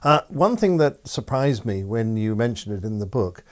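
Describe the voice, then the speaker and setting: A man's voice: on the low side, very animated, normal speed. A man interviewing a guest, prompting him kindly with questions and a few hesitant fillers.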